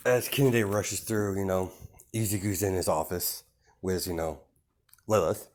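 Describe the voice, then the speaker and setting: A man's voice: low-pitched, fairly even intonation, normal speed. A man casually telling a made-up fan story, rambling with many fillers. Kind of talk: casual improvised narration.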